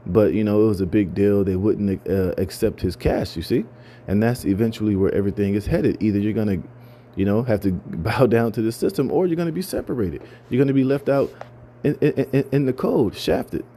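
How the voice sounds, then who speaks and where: A man's voice: lowish voice, fairly quick, warm tone, slight background noise. A man talking through news items in an emphatic way, stammering and restarting and filling with "you know" and "man". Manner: emphatic, repetitive, many fillers and stammered restarts. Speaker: commentator. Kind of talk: casual talk reading news.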